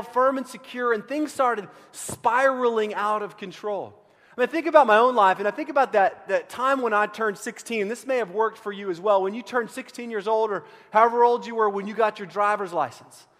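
A middle-aged pastor from Central Texas telling a self-deprecating story in a sermon, animated with frequent restarts. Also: male voice, sits high. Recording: long reverb of a large hall.

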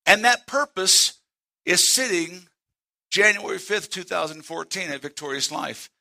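A male pastor, preaching a sermon in church and quoting scripture with slow, emphatic stresses. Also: high-pitched, animated, gravelly, pushed and bright.

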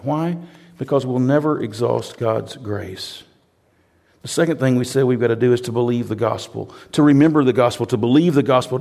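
A man preaching a sermon as pastor, dropping to hushed tones and then building to loud, emphatic, repeated phrases. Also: medium pitch, gravelly.

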